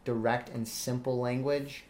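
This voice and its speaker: A man's voice: mid-range voice, level tone, measured pace, a little mellow. A young man in earnest analytical discussion, quoting lyrics with some hesitation. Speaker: student interviewer. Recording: roomy echo.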